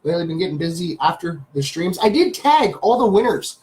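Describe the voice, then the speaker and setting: A man's voice: high-pitched, big pitch swings, fairly quick, darkish tone, low-quality recording. A Canadian man hosting a live stream, chatting casually and greeting viewers by name as he rambles.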